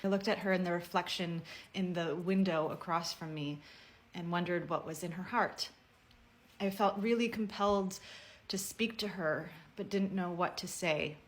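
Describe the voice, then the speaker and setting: Woman, lowish voice, earnest and measured, heartfelt personal message to camera. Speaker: personal video speaker.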